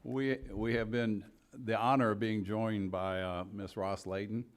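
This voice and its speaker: A man chairing a subcommittee hearing, making relaxed, halting remarks with repeated words. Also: lowish voice, clean tone.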